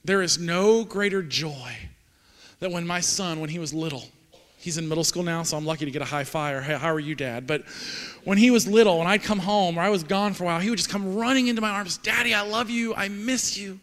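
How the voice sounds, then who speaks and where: A man in his forties preaches a sermon in a church sanctuary, his voice sitting high for a man. He speaks earnestly, sometimes halting and repeating words as he goes. A long reverb from the hall trails after each phrase. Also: fairly bright tone. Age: 40s. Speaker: pastor.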